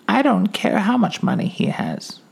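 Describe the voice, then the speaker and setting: A man plays a woman who has no fear at all, and she speaks slowly with a defiant edge. Her voice is gravelly and husky, and it rises and falls widely. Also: high-pitched, wildly swooping pitch, voice pushed up, heavily acted. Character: fearless resolute woman at a bus stop. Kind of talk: comedy podcast bit.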